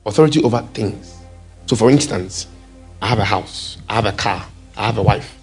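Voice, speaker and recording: Male preacher, gravelly and husky, lively sermon delivery. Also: on the low side, moderate pace, soft background music. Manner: animated, calls out to the congregation.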